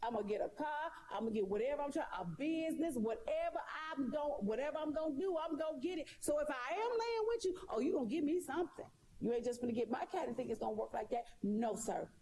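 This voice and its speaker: A woman's voice: sits high, expressive, fast talker, mellow. A woman talking straight to her viewers in a casual monologue, sassy and emphatic, repeating her points. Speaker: live streamer.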